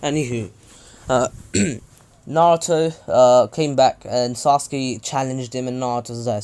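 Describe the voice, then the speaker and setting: A man's voice: medium pitch, normal speed, a little mellow, clear, resonant tone. A young man casually retelling a fan-made story, rambling with frequent fillers and self-corrections.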